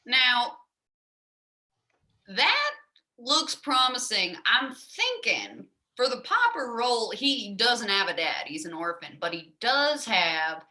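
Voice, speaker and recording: A woman's voice: a little high, sing-song, bright, forceful tone, full character voice. A woman in an improv comedy scene playing a blunt, crude female casting director. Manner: blunt and crude, slow drawn-out delivery. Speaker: improv performer.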